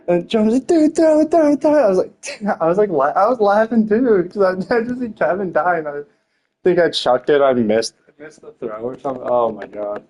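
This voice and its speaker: A man's voice: on the high side, moderate pace, darkish tone. A young man telling rambling stories in casual chat, laughing often, swearing and filling his talk with slang.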